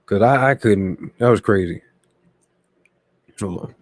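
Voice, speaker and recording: A man hosting a boxing channel, giving slangy, animated casual commentary that often repeats itself. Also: on the low side, takes it slowly, no echo.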